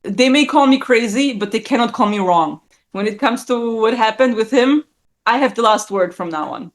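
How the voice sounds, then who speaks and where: Woman in her 30s, fairly high voice, swears a lot, tells it loud and animated, does everyone's voices. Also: normal speed. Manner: animated, blunt storytelling with frequent swearing; acts out quoted voices with big pitch jumps. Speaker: guest. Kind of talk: casual chat.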